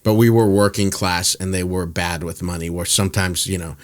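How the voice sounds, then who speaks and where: Low-voiced man telling stories. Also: fairly quick. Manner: animated storyteller, laughs often. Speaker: podcast host. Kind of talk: casual chat.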